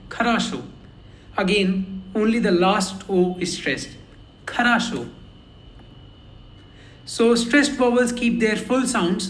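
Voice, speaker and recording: A man with a high voice walks through a lesson at an unhurried pace, repeating each word carefully. The sound is roomy and echoey. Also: fairly bright tone. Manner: slow and careful, repeats words for pronunciation. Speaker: language learner teaching lessons. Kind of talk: slow explanatory lesson.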